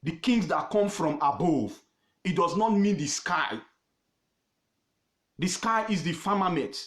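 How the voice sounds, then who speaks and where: A man with a Nigerian accent teaching history informally on his own page, emphatic and repetitive, pausing often with fillers. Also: sits high, animated, fairly bright tone, echoey room. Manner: emphatic, repeats words, pauses with fillers.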